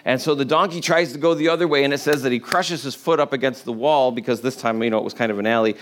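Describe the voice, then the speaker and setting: A man's voice: medium pitch, fast talker, slight background noise. A man preaching a sermon as casual storytelling, conversational and humorous, with many "like" and "you know" fillers.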